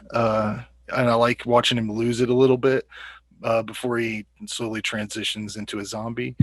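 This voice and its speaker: A man's voice: mid-range voice, no room sound. Casual male co-host, easygoing and profane, dry close sound. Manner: laid-back, swears freely, many ums and uhs. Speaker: podcast co-host. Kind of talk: casual movie discussion.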